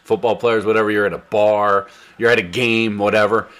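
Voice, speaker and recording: A middle-aged man hosting a casual football chat, relaxed and laughing often as he steers the talk. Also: on the low side, fairly quick.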